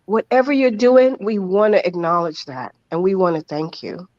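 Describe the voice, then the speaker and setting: A man's voice: sits high, animated, normal speed, no room sound. A man speaking as a podcast guest, earnest and heartfelt, often repeating himself for emphasis. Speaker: interview guest. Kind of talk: emotional podcast interview. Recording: dull lo-fi remote audio.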